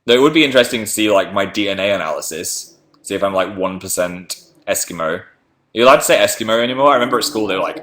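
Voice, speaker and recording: A man's voice: fairly low pitch, lively intonation, quick pace, fairly bright tone, slight background noise. A man hosting a casual livestream, reading viewer messages aloud and rambling in a chatty, self-deprecating way. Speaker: livestream host.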